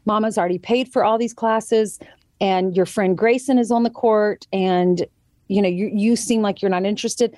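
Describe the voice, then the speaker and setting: Woman guest, mid-pitched, earnest storyteller, casual podcast talk, dry close mic. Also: fairly even intonation, moderate pace, a little mellow, no echo. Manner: earnest storytelling, quoting others in changed voices. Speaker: guest, author and TV co-host. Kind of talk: casual conversation.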